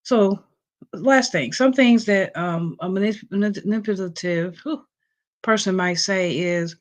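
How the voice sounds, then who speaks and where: A medium-pitched, slightly slow-speaking woman hosts a casual livestream straight out of bed, reading items from a list with many ums and talking with viewers.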